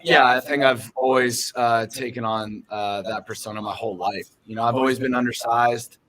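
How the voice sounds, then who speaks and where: A man's voice: mid-range voice, steady tone, normal speed, a bit bright, low-quality recording. A young man from Southern California, a professional baseball catcher, answering questions earnestly in a casual podcast interview, with lots of fillers and restarts.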